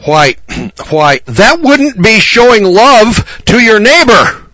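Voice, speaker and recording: A man voicing a flustered male preacher who sputters back in an indignant, high voice. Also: sing-song, slow pace, pushed and bright, dry recording, heavily acted.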